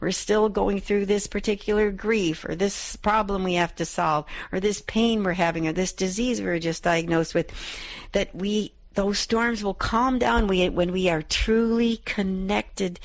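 A woman's voice: medium pitch, steady tone, measured pace, vocal fry, no echo. A middle-aged woman hosting a Catholic radio show, reflecting on a gospel passage and rereading its verses aloud. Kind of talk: devotional scripture reflection.

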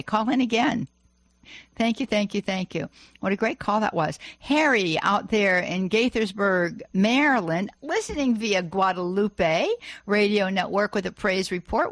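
A woman's voice: medium pitch, no room sound. A woman hosting a Catholic radio call-in show, gushing with praise and full of fillers and restarts. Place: radio studio.

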